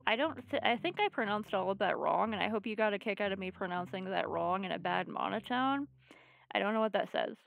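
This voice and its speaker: A woman's voice: medium pitch, expressive, a little fast, gravelly, narrow, tinny audio. A woman streamer reading a video game aloud and playing it, with playful joking asides.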